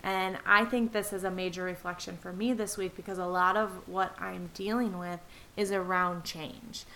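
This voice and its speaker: A woman's voice: fairly low pitch, steady tone, moderate pace, bright, forceful tone, low-quality recording. A middle-aged woman hosting a reflective solo podcast, talking earnestly and encouragingly to her listeners as friends. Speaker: podcast host. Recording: faint hiss.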